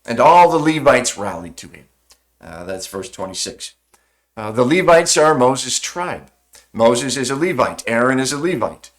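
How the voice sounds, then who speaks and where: A pastor giving a sermon, retelling a story vividly and conversationally, with frequent "uh" fillers. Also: male voice, medium pitch, expressive, a little slow.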